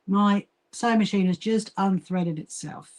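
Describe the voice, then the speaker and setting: A woman's voice: medium pitch, a little slow, a little mellow. Chatty woman hosting a sewing livestream. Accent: southern English. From Brighton, England. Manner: chatty, reads and greets viewer comments, frequent fillers and laughs. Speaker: livestream host, quilting association founder. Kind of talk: casual livestream chat while sewing.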